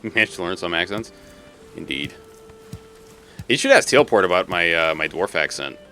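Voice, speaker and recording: A man from Massachusetts rambles through a casual gaming stream, laughing and cursing as he goes. His fairly low voice swings widely in pitch and has a bright, forward edge. Faint game music plays underneath. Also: lively intonation, moderate pace. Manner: rambling, swearing, laughing, chatty. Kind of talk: casual live-stream chat while gaming.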